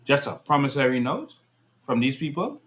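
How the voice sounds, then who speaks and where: Animated man, bright lively voice. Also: medium pitch, normal speed. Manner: animated, rhetorical, rising into exasperated scolding. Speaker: political commentator. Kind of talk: casual political commentary to viewers.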